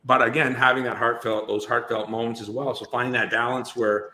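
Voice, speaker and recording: A man's voice: mid-range voice, level tone, a little fast, sharp tone. A man, a guest actor on a podcast, chatting casually and telling long stories full of restarts. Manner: rambling storyteller, many restarts. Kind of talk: casual interview chat.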